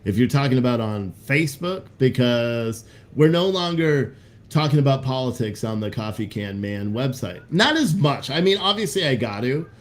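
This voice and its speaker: A blunt, rambling man hosts a livestream, offering casual commentary while reading the chat. His medium-pitched voice is animated and moves at normal speed, and his talk is profane and full of restarts.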